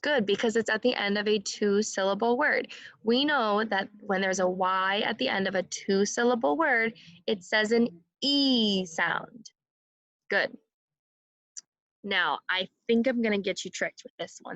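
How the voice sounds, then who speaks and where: A woman teaching phonics to a young class, slow and encouraging, sounding each word out for the children to repeat. Her voice sits at a middle pitch. The recording is dry and close, with no room around it. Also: a bit bright, dry recording.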